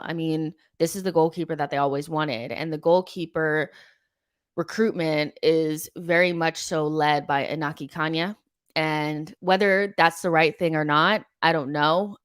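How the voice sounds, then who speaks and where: A young woman hosts a live football fan stream, reading viewer comments and weighing in bluntly. Her voice sits low and sounds dry and close. She talks loosely, with frequent ums and likes. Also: clear, resonant tone, no echo. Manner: chatty, many ums and likes, frank opinions. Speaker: host of a football fan show.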